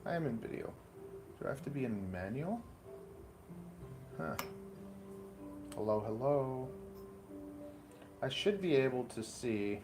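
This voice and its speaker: A man hosting a casual live stream, rambling and muttering to himself while he sets up equipment indoors. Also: medium pitch. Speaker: livestream host.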